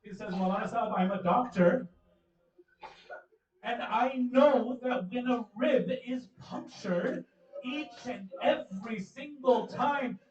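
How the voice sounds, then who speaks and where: Man, very high voice, impassioned sermon, hushed then crying out, chanted supplications, distant mic, muffled sound. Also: takes it slowly. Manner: impassioned, swings from hushed storytelling to cries. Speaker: preacher. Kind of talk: emotional sermon. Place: community center hall. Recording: echoey hall, distant dull mic.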